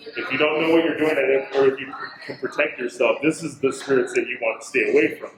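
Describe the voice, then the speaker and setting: A man's voice: mid-range voice, fast talker, roomy sound, crowd noise, poor audio. A man, a hotel manager, telling a ghost story in casual chat, acting out what people said and saying bro and dude. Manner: animated, acts out quotes, says bro and dude.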